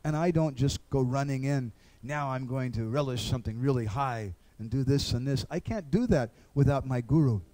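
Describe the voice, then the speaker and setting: A man's voice: mid-range voice, moderate pace, hardly any pauses, dark tone. A man giving an earnest devotional lecture, acting out little dialogues.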